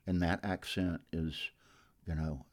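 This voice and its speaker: A man's voice: low voice, steady tone, a little slow, darkish tone. A middle-aged man from the North Georgia mountains with a Southern Appalachian accent, chatting as a radio guest and rambling with many restarts. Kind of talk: casual interview.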